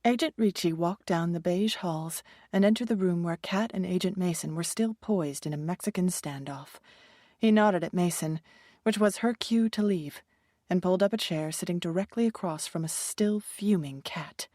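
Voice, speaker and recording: A woman narrating a suspense audiobook in a measured, even reading. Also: lowish voice, no echo, studio quality.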